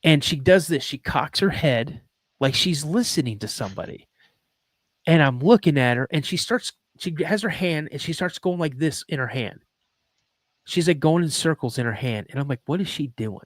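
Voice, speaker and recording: A man's voice: on the high side, lively intonation, moderate pace, no room sound. Earnest man telling a personal story. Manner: earnest and emotional, reenacts dialogue, many ums. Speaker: podcast host. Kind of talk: personal storytelling on a live podcast.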